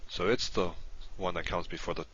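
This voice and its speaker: A man with a very low, bright-toned voice gives a methodical recorded lecture. He explains each term step by step. The sound is dull and lo-fi. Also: steady tone, fairly quick, a little hiss or hum. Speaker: language teacher.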